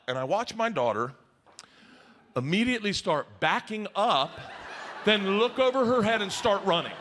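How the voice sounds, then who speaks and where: Brief: middle-aged man, stand-up storyteller, high-pitched and wildly animated, shouts the big lines. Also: normal speed. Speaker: stand-up comedian. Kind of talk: stand-up comedy set. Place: comedy club stage with audience. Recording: live stage recording with audience noise.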